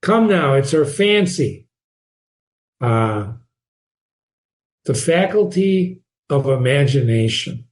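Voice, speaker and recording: A man's voice: mid-range voice, lively intonation, slow, long pauses, a little mellow. A man teaching a literature lesson in an informal way. He repeats key phrases and asks the listener questions. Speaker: reading teacher and host. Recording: roomy echo.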